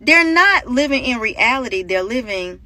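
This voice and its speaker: A woman's voice: a little high, animated, normal speed, pushed and bright. A woman from North Carolina giving emphatic, persuasive commentary about income and living costs, asking viewers directly. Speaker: content creator talking about income. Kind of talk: opinionated commentary to camera.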